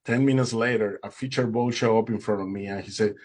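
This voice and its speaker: Delivering his faith testimony fairly quickly with few pauses, this man has a lowish, darkish voice and a flat delivery. Still, he tells the story emotionally and performs the dialogue.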